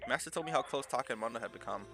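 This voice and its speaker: A man voicing a calm, analytical AI program, speaking in a measured, polite way. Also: mid-range voice, soft background music.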